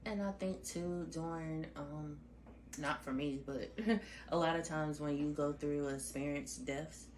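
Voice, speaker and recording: A woman with a very deep voice for a woman, speaking in a measured, gentle way during a podcast talk. She sometimes slows down to stress a point. A faint background noise sits under her voice. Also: fairly even intonation.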